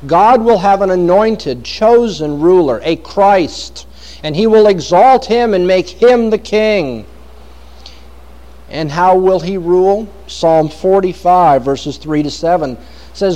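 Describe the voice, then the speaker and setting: A man's voice: high-pitched, expressive, slow, darkish tone. A man preaching a sermon, reading scripture aloud with dramatic emphasis. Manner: dramatic, varied emphasis, quotes scripture at length.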